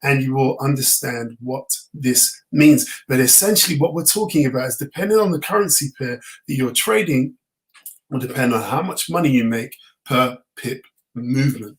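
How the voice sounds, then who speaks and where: A tired man teaching a live online trading lesson. He explains things in a relaxed way, with many fillers and restarts. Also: mid-range voice, rough recording. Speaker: trading course instructor.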